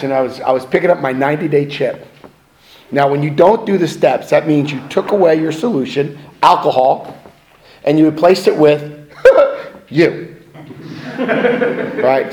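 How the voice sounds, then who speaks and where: A middle-aged man giving a personal testimony to a recovery meeting, swinging between hushed and loud and laughing at himself. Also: on the high side, a little hiss or hum. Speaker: recovery speaker.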